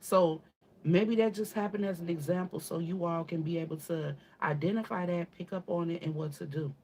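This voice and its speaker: A woman's voice: on the low side, fairly even intonation, moderate pace, mellow, breathy edge. A woman giving a channeled spiritual reading to her viewers, talking casually and bluntly, swearing, calling listeners baby and often asking "okay?". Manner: emphatic, repeats and asks "okay?". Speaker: spiritual reader.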